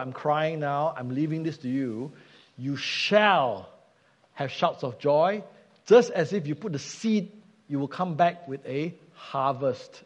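A man preaching a sermon, earnest and emphatic, asking rhetorical questions. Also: on the high side. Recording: dull sound with long hall reverb.

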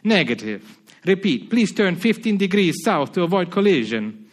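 A preacher plays a stubborn Spanish lighthouse keeper: put-on Spanish accent, raised voice, loud and unbudging. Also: male voice, high-pitched, moderate pace, pitched above the performer's own voice. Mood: firm. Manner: loud, insistent, mocking calm. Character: defiant Spanish lighthouse keeper, adult man. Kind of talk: reading a story aloud in a sermon.

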